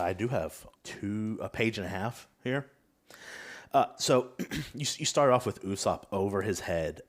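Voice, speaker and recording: A man hosting a podcast in casual chat, laid-back, with fillers like "uh" and "um". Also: sits low. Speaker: podcast host.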